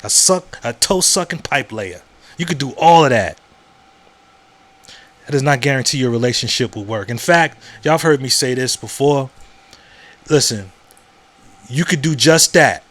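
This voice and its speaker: A man's voice: mid-range voice, animated, moderate pace, long pauses, a bit bright. Male podcast host, casual monologue, blunt and repetitive, conversational. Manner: conversational, repeats words and asks "you know what I'm saying?"; frank and profane.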